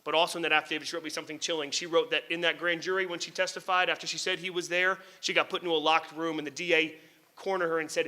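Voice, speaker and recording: Middle-aged male lawyer from New Jersey for a lecture, high voice with a very bright, tense edge, candid and animated, drops casual swears. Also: very fast. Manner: animated, candid, swears casually, chuckles at his own remarks. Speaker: lawyer and author giving a book talk. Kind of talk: public lecture storytelling.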